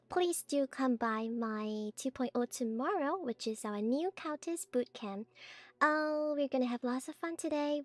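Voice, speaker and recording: Playful, teasing woman streamer, higher voice. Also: dry recording. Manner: teasing, playful cult-priestess persona. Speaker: VTuber streamer. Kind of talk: playful stream chat showing off her avatar.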